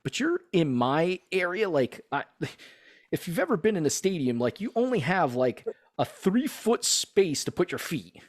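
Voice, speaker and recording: A man's voice: fairly high pitch, unhurried, dry recording, clean studio sound. A man co-hosting a podcast, telling stories in casual chat with lots of "like" and plenty of swearing. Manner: animated storyteller, swears freely, lots of "like". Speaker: podcast co-host.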